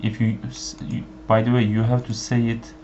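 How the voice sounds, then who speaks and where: A man whose first language is Turkish gives an online language lesson, speaking slowly with many fillers and repeating each example phrase. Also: mid-range voice, monotone, a little mellow. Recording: dull lo-fi sound with faint background hiss.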